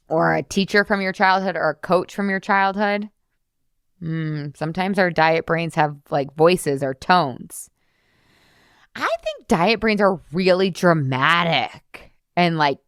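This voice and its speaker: A woman's voice: on the low side, fairly bright tone, clear, resonant tone, no echo, studio quality. A woman in her thirties hosting a solo podcast as a weight loss coach, chatty, peppering her speech with "like" and casual swearing.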